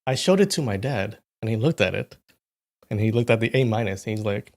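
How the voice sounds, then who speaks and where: A young man hosting a live stream, casually chatting with viewers in a rambling storytelling way and often clearing his throat, at a desk mic at home. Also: on the low side, expressive, brisk. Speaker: livestream host.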